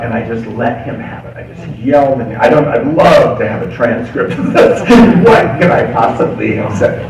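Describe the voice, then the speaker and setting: Animated man telling his recovery story. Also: mid-range voice. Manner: animated storyteller, laughs often, confiding. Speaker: AA speaker. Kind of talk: recovery story told from a podium. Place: meeting hall. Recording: echoey hall, distant mic, background noise.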